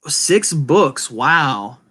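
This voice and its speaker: A man with a speech impediment chatting casually and rambling to viewers, halting and apologetic, often restarting his words. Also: a little high, sing-song, pushed and bright, husky. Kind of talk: casual rambling livestream chat.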